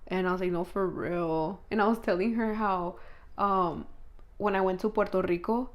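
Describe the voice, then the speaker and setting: A woman's voice: mid-range voice, moderate pace. A woman co-hosting a casual podcast, telling stories at an easy pace with many fillers and with Spanish phrases mixed into her English. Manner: relaxed storyteller, drops Spanish phrases, fillers like and um. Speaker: podcast co-host. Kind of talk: casual chat.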